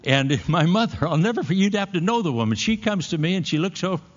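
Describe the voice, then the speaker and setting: A man's voice: high-pitched, expressive, fast talker. A man preaching a sermon, folksy and storytelling, swinging into emphatic passages. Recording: dull echoey hall recording.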